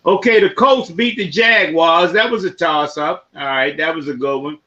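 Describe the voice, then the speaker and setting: A man hosting a casual sports podcast, running through football results and giving shout-outs to listeners by name. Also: a little high, moderate pace, highs cut off. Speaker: podcast host.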